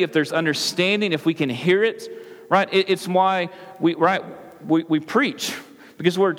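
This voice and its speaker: High-voiced male pastor in echoey hall. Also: fairly bright tone. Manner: conversational, frequent "right?" asides and restarts. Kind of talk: sermon. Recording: echoey hall with long reverb.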